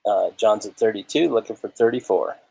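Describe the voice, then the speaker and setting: A man working as auctioneer on a live online sale, calling bids in a rapid, steady patter with joking asides. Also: on the low side, vocal fry, breathy edge, poor audio.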